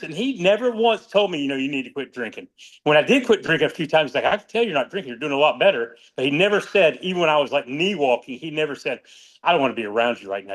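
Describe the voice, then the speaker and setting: Middle-aged guy telling his story, kinda high voice, rambles and restarts a lot. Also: a bit bright. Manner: rambling, restarts often, emotional about friends. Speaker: podcast guest, author. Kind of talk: candid conversational interview.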